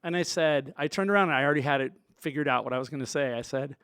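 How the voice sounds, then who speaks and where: A sound engineer appearing as a show guest tells stories from his work in conversation, loose and rambling with plenty of asides. His voice is fairly high, bright, clear, and resonant, racing along in studio quality with no echo.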